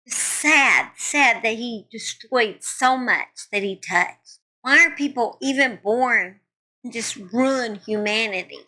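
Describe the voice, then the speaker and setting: Earnest woman with a bright voice. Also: on the high side. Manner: earnest, heartfelt plea to listeners. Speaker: true crime podcast host. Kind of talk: casual true crime chat.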